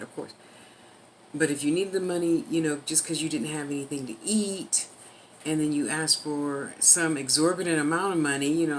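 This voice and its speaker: This woman has a low, deep speaking voice and talks loosely to her viewers, drifting between asides and advice. She stretches some words out slowly for emphasis. A faint hiss runs under the recording. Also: poor audio. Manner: rambling, chatty, yawning, drawn-out emphasis. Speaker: vlogger giving life advice. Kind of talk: casual talk to camera.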